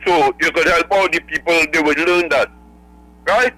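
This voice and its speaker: A man calls in to a radio show, working through his thoughts point by point. His voice is high and strikingly bright, with a cutting edge. He rambles as he goes. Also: moderate pace, dry recording, poor audio. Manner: rambling, lists numbered points. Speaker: caller. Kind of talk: phone-in call.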